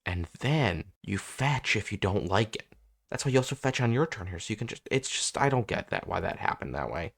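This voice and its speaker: Playing a card game, a young man narrates his match in a low, expressive, gravelly voice at a brisk clip. He thinks out loud, curses, and gets visibly exasperated as the gameplay unfolds.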